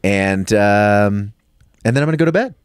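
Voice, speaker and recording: A man's voice: fairly low pitch, moderate pace, clean tone, no room sound. A man, a comedian guest, telling a story in casual chat and acting out the voices of the people in it. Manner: animated, acts out quoted voices.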